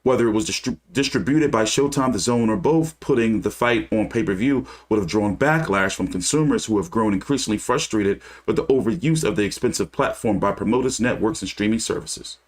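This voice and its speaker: A man's voice: fairly low pitch, a little fast, hardly any pauses. A man hosting a casual boxing livestream, reading news aloud and breaking into heated, profane rants. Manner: reads news aloud then rants with cursing. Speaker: boxing channel host.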